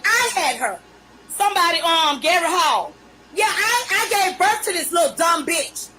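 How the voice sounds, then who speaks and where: A middle-aged woman from Virginia with a Virginia accent, ranting profanely and bluntly into her phone on a live stream, often breaking into shouting. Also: very high voice, lively intonation, moderate pace, background noise. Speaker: livestreamer. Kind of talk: angry live-stream rant.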